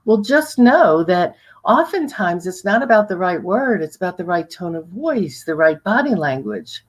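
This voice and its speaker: Animated, lower-voiced coaching woman. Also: normal speed. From New York. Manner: animated, swings pitch up high for emphasis; rhetorical questions to the audience. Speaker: guest speaker on sales presentations. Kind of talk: coaching talk to viewers.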